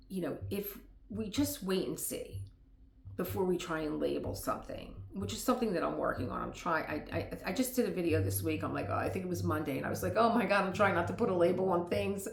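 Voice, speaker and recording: A woman's voice: low-pitched, gravelly, roomy sound. A middle-aged woman vlogger talking casually at home, rambling into tangents and laughing often. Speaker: lifestyle vlogger. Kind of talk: casual chat.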